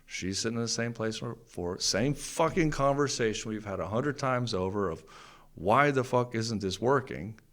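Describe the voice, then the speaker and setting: A middle-aged man appearing as a podcast guest tells a personal story candidly, bluntly and with profanity, growing animated as he relives his anger. His voice is medium in pitch and his speed is normal.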